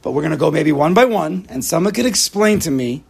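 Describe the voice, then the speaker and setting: A man leading an informal Torah class, talking in a rhetorical, animated way and using Hebrew and Yiddish terms. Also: on the high side, a little fast, gravelly, husky.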